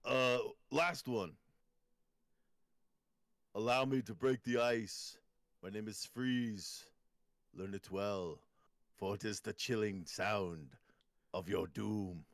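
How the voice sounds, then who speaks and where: Brief: man doing an Austrian-accented strongman impression, gravelly, mid-pitched, dry close mic. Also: takes it slowly, pauses often, dry recording. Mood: mock menacing. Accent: Austrian, put on. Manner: heavy mock-menacing delivery, clipped phrases. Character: gruff older male action-star impression. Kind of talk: comedic impression on a podcast.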